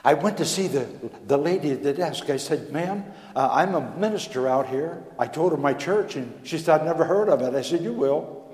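A male pastor telling a folksy, animated story in a sermon, acting out the dialogue. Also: on the high side, a little fast. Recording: echoey hall with long reverb.

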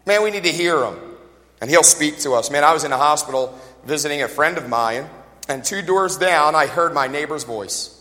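Animated high-voiced preacher in a reverberant hall. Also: male voice, moderate pace. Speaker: pastor. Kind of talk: sermon. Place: church.

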